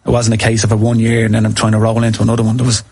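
Husky man telling football stories. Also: fairly low pitch, rapid-fire. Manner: animated anecdotes, acts out quotes. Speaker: former footballer, podcast guest. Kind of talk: casual storytelling chat.

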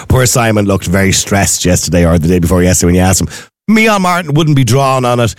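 Lively, fast-talking host. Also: male voice, lowish voice, no echo, studio quality. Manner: chatty, digressive questioning. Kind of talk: political interview.

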